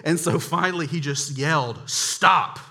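A man's voice: medium pitch, moderate pace, pushed and bright. A man from North Carolina preaching a humorous sermon, telling chatty stories and speaking directly to the congregation. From North Carolina, USA. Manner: chatty storytelling, addresses the crowd directly.

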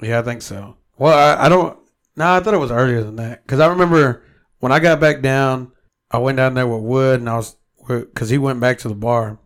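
A man in casual podcast chat, storytelling at length with plenty of swearing. His voice sits at an ordinary middle pitch, and he acts out what people said. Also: fairly quick. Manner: storytelling, heavy swearing, quotes himself. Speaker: podcast co-host.

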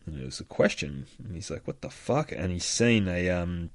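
Deep-voiced cursing man recapping a comic. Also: moderate pace, vocal fry, no room sound. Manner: profane, excitable, laughs often. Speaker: comic book reviewer. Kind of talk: casual retelling of a comic.

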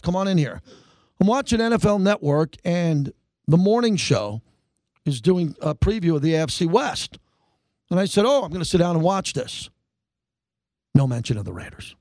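A middle-aged man hosting a call-in sports radio show, ranting in an animated way and jumping up in pitch when he gets worked up. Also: dry recording.

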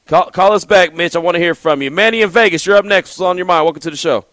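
A man's voice: high voice, quick pace, fairly bright tone, no echo. A man hosting a call-in sports radio show, chatty, often laughing and restarting his sentences.

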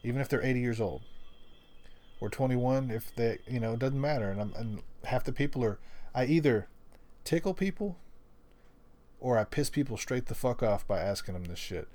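A man's voice: mid-range voice, expressive, moderate pace, long pauses, darkish tone. A man telling rambling, profane work stories in casual chat, laughing often. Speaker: storyteller in casual conversation.

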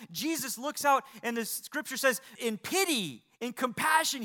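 A man's voice: high-pitched, bright, forceful tone. A middle-aged male pastor preaching a sermon, building emphasis and asking his listeners rhetorical questions.

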